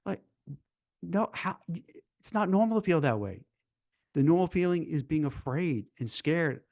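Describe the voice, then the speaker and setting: Recorded dry with clean studio sound, a fairly high-pitched man speaks at a moderate pace. He's a recruiter and live-stream host in casual chat, animated and fond of mock voices for dialogue, tripping over repeated words when fired up.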